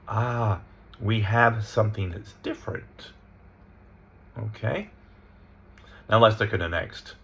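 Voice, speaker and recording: A man's voice: on the low side, a bit bright. A man teaching English pronunciation from slides. He explains step by step, reads example sentences aloud and often checks in with "right?" and "okay?". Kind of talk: slide-based lesson.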